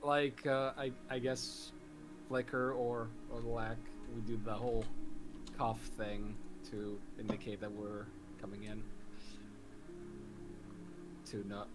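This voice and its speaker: A man's voice: on the low side, flat delivery, unhurried, poor audio. Guy in a tabletop game, kinda hesitant, trails off a lot, music behind him. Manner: hesitant, lots of restarts and fillers, soft-spoken. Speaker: player. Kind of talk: casual chat.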